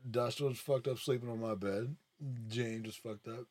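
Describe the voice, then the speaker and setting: A man's voice: mid-range voice, steady tone, moderate pace, darkish tone. A man hosting a casual podcast, telling rambling, profane family stories with lots of "like". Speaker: podcast host. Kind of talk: casual storytelling chat.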